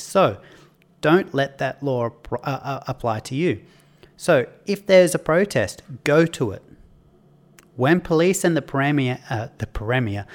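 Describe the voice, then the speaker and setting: An Australian man hosting a podcast, giving an emphatic, sardonic opinion monologue and reading aloud from his own article, with frequent restarts. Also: mid-range voice. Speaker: podcast host.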